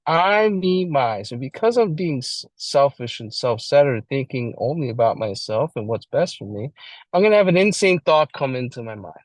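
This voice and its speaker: Man, study group co-leader, slangy, animated, acts out scenes, mid voice, dry close sound. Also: medium pitch, moderate pace, no echo, poor audio. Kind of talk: casual recovery-meeting share.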